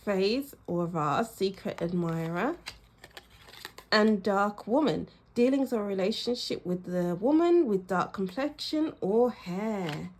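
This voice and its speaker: A woman's voice: mid-range voice, lively intonation, takes it slowly, darkish tone, a little hiss or hum. Encouraging woman reading tarot. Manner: encouraging, repeats affirmations, thinks aloud. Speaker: tarot reader. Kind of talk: casual tarot reading to camera.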